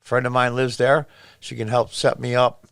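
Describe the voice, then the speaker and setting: A man's voice: medium pitch, little pitch movement, moderate pace, gravelly, a bit bright, smooth, no echo, studio quality. A man in his sixties from upstate New York gives emphatic casual political commentary, repeating himself as he reacts to footage. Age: 60s. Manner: emphatic, repetitive, exclaims over footage.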